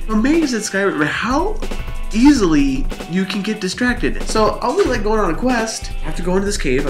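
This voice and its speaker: A man telling rambling gaming stories in a vlog, animated and laughing, his voice jumping up high in the exciting parts, tired. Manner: animated, laughing storytelling with big pitch swings. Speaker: vlogger.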